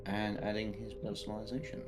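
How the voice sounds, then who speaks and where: A man with a fairly low voice, a player in an online tabletop game. He talks haltingly, full of pauses and self-corrections, and music plays clearly behind him. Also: monotone. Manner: hesitant, many ums and self-corrections. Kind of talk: casual game chat.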